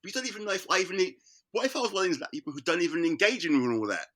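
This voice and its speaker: Bright, forceful man speaking emphatically. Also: high voice, animated, racing. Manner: emphatic, repeats words, frequent restarts. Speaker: artist and interview guest. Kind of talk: candid conversational interview.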